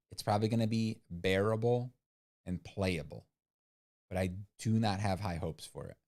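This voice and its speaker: A man chatting casually on a livestream, his voice very low and mellow. He rambles along, filling his sentences with "like" and "um," and stays skeptical about whatever comes up. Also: normal speed. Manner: rambling and skeptical, many "like" and "um" fillers. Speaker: livestream co-host.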